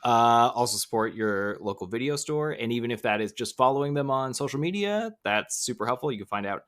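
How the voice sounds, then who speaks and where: A man's voice: mid-range voice, animated, brisk, fairly bright tone. A man who is a regular on a podcast, chatting casually with dry, teasing humor. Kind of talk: casual chat.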